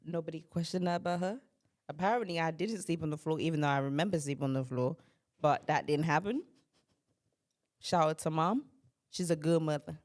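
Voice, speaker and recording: A young woman from Kent hosts a casual podcast chat. She is blunt and opinionated and slips into quick impressions of her friends between laughs. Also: low-pitched, darkish tone. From Kent, England. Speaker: podcast host.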